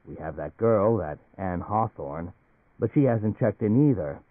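A man voicing a calm male agency chief with a flat, measured, lowered delivery. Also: no echo. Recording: phone-like narrow band, dry.

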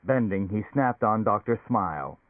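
Male audiobook narrator, measured storytelling, low voice, dry phone-like sound. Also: expressive, no echo.

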